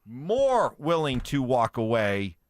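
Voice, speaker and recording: A man's voice: mid-range voice, wildly swooping pitch, takes it slowly, no echo. A man hosting a sports radio show, giving firm opinions and steering the segment.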